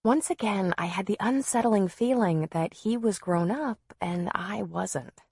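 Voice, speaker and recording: A woman narrating a novel in the first person, in a measured, softly expressive way. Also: medium pitch, husky, dry recording, clean studio sound. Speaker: audiobook narrator.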